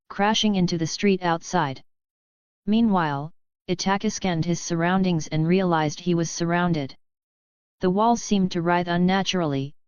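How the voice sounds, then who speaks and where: Woman audiobook narrator, lowish voice, smooth, slightly dull audio. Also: a little mellow, no room sound.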